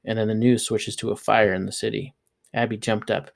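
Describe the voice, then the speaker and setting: A man reading a children's novel aloud in a plain, steady storytelling manner. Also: on the low side, fairly quick, creaky. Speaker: reader.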